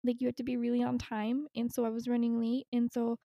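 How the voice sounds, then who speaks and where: A woman's voice: fairly high pitch, completely flat delivery, quick pace, creaky, dark tone, dry recording, clean studio sound. A young woman co-hosting a podcast, chatting casually and rambling with frequent laughs. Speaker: podcast co-host. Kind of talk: casual chat.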